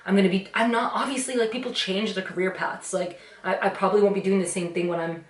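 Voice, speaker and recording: A woman's voice: mid-range voice, fairly even intonation, quick pace. Rambling young woman in an echoey room. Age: 20s. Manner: rambling, filler-heavy and reflective. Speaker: YouTuber. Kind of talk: casual get-ready-with-me chat. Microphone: camera mic.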